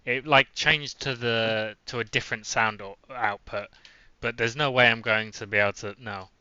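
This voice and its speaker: A young English man tosses out dry, offhand remarks while he plays. His voice is bright and crisp. The sound is completely dry, close to a call mic. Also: medium pitch, steady tone, normal speed, dry recording, muffled recording. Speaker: streamer playing a game. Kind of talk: casual chat while gaming.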